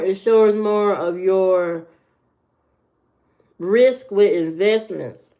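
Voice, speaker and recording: Speaking extremely slowly with long pauses, this livestream host has a dark, medium-pitched voice. She chats casually with viewers, offering frank, opinionated dating advice over muffled lo-fi audio.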